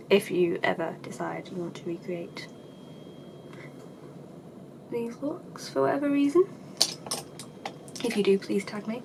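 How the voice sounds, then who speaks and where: A woman chatting casually through a makeup tutorial, self-deprecating and dryly sarcastic, with her voice sometimes dropping low. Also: vocal fry, background noise. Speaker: beauty vlogger.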